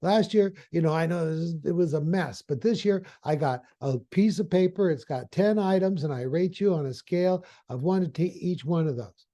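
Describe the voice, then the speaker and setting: Chatty, apologetic male office boss in a mellow, slightly high voice, giving a review, put on by a male storyteller. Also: moderate pace, hardly any pauses, lightly acted. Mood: coaxing. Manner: chatty, apologetic, softening bad news.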